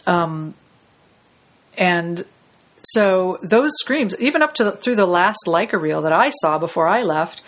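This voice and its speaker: A middle-aged woman with a slightly low voice tells stories about her work as a voice actress in a relaxed interview. She talks in a lively, anecdotal way and briefly acts out the people she quotes in changing voices. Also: measured pace. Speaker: voice actress guest. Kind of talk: casual storytelling interview.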